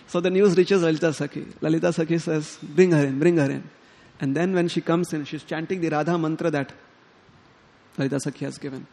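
A man giving a sermon, telling a devotional story in an animated way and acting out the characters' lines. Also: on the high side, a little fast. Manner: animated, quotes characters in lively tones, chuckles often. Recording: long hall reverb.

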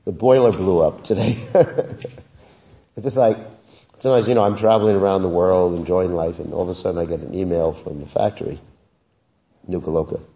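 A man giving a scripture class in a relaxed, conversational way, with many fillers, sometimes chanting Sanskrit verses. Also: low voice, a little fast, creaky, long pauses. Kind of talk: sermon. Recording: voice heard from a distance.

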